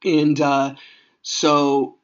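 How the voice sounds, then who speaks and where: A man's voice: fairly high pitch, monotone, extremely slow, dull audio. A man in his thirties hosting a podcast, talking casually and at length with many fillers. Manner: rambling, conversational, many fillers. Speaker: podcast host. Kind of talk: personal monologue, casual.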